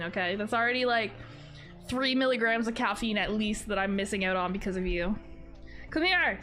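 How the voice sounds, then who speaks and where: A young woman streaming at her desk, chatting with viewers in a loose, rambling way and often breaking into high laughter. Her voice sits a little high and rings bright and sharp. Soft music plays behind her. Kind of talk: casual live-stream chat.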